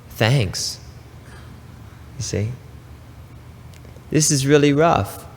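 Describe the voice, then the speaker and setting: A man giving a spiritual talk, preaching slowly and emphatically with pauses and casual asides. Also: medium pitch, in a large hall. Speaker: spiritual teacher.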